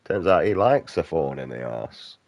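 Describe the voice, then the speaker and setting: A man's voice: rumbling low, big pitch swings, moderate pace, vocal fry, darkish tone, no echo, muffled recording. A man giving casual gameplay commentary, ranting bluntly and swearing a lot. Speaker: game streamer.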